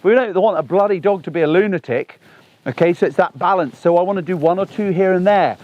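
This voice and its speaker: A man, talking through a gun dog training session outdoors on a lawn, chatty and animated. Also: high voice, fast, no echo, dull audio. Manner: chatty and animated, bursts into excited exclamations.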